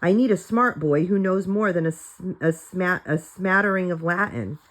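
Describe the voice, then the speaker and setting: A woman voicing an irritable, suspicious and crafty old man who barks orders in a gruff way. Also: on the low side, moderate pace, close to an everyday voice.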